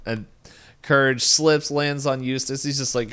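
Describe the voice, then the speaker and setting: A man's voice: medium pitch, fairly even intonation, a bit bright, clear, resonant tone. A man casually recapping a cartoon episode on a podcast, rambling with fillers. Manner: rambling, lots of fillers, acts out characters' lines in quick voices. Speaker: podcast co-host.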